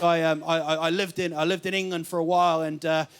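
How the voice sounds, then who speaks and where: A man's voice: fairly high pitch, little pitch movement, quick pace, clear, resonant tone. A man from New Zealand with his accent, doing rambling stand-up with laughs and silly voices. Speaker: stand-up comedian. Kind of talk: stand-up comedy. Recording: noisy stage recording.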